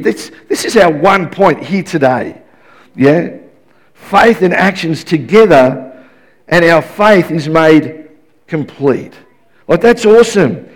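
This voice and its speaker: A man's voice: on the high side, lively intonation, unhurried. A man in his fifties preaching a sermon in an emphatic, repetitive way, often restarting his sentences.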